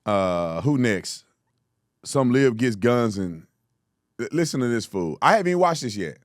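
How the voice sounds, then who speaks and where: A man hosting a reaction show, mocking the clips he plays in a loud, animated way. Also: mid-range voice, normal speed, dry recording, studio quality. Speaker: host. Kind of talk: reaction commentary.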